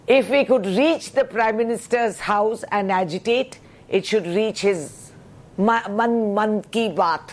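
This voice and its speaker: A woman's voice: mid-range voice, takes it slowly. A woman member of parliament, speaking with indignation and rhetorical questions in a heated news interview.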